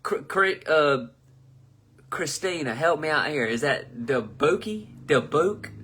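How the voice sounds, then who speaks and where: Bright, forceful and on the high side, this host's voice has lively intonation and an unhurried pace, with slight background noise. He's a twenty-something from the southern United States running a live comedy chat, reading viewer comments, cursing freely, joking around and tripping over names.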